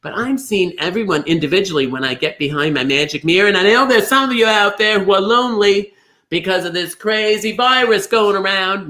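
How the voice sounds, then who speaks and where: A man's voice: fairly high pitch, sharp tone. A man playing a fussy, gushing middle-aged lady entertainer, rambling chattily as a livestream bingo host and greeting viewers by name. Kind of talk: chatty livestream hosting in character.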